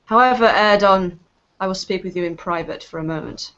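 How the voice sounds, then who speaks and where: A woman voicing a cool, imperious elf high matron who speaks in a formal, deliberate way. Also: fairly bright tone, slight background noise, close to an everyday voice. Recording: dull lo-fi recording.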